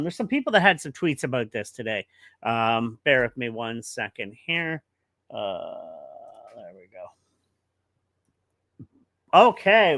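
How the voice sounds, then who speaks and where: A man's voice: medium pitch, bright, forceful tone, no room sound. A man streaming casual commentary, rambling and emotional, with many restarts.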